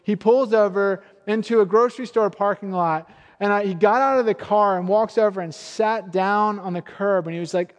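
A man's voice: high voice, steady tone, moderate pace, lo-fi sound. A man, a pastor, giving a sermon with earnest, conversational storytelling. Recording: long hall reverb.

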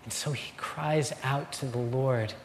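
A man preaching a sermon as a pastor, slow and earnest, with dramatic pauses. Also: mid-range voice, big-room sound.

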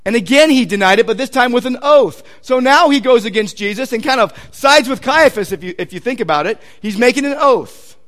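Man, Southern Californian accent, high voice, animated sermon, conversational. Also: fairly quick, few pauses. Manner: animated, acts out quotes with sudden loud outbursts; conversational, repeats words while searching for them. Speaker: pastor.

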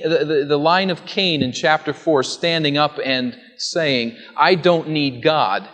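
A pastor with a fairly bright voice on the high side preaches an expository sermon. He teaches earnestly, posing rhetorical questions to his listeners and then answering them, with long hall reverb on the recording.

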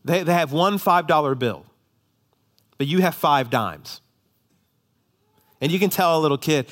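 A man preaching a sermon, moving between hushed, slow passages and emphatic ones, often repeating words as he restarts. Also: high-pitched, animated. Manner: dynamic, shifts between hushed and emphatic delivery; frequent quick repetitions and restarts. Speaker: pastor.

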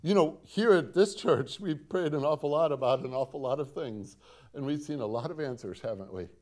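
A man's voice: on the high side, fairly quick, darkish tone. A man preaching a sermon as pastor, quoting scripture dramatically, with repetition and rhetorical questions to the congregation. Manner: dramatic, quotes scripture with rising emphasis and repetition.

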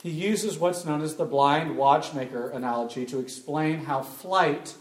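Man, live talk, emphatic rhetorical questions, fairly high voice, roomy echo. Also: a little slow. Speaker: speaker teaching an audience. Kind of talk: live talk with call-and-response. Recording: echoey room.

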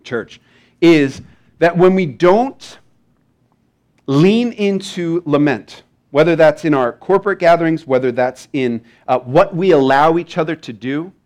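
A man's voice: fairly high pitch, measured pace. A man preaching a sermon in a conversational way, acting out small dialogues and reading scripture with feeling. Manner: conversational, animated, acts out little dialogues. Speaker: pastor.

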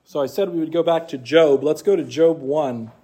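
A man's voice: a little high, moderate pace, mellow, breathy edge. A man teaching an apologetics class, explaining scripture in a conversational way and reading passages aloud.

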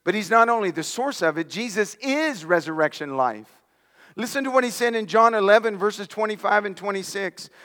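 A man's voice: sits high, expressive, moderate pace, fairly bright tone, in a large hall. A man preaching a sermon as pastor, emphatic, sometimes dropping to near-whispers for stress, and calling his listeners friends. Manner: addresses listeners directly as friends.

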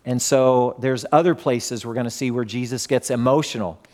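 A man's voice: mid-range voice, steady tone, moderate pace, a little mellow. An older man preaching a sermon in a conversational way, telling family stories and Bible examples. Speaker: pastor.

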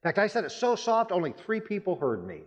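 A man's voice: wildly swooping pitch, fast talker. A pastor giving a sermon, telling personal stories with emphatic rises in his voice. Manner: storytelling, emphatic rises in pitch. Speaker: Baptist pastor. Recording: muffled church hall with long reverb.

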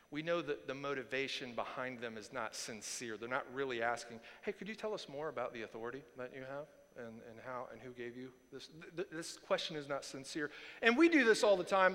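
Pastor, male, high bright voice, lively sermon delivery, hall reverb. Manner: animated, acts out quoted voices, casual fillers.

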